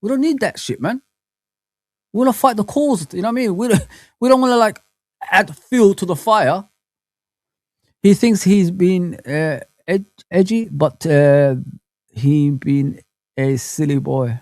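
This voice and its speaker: A man's voice: high voice, measured pace, pauses often, dry recording. Chatty man hosting a stream. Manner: animated, rambling, heavy on slang fillers like bro and man. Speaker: host of a live football fan chat. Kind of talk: casual live-stream chat, reading comments aloud.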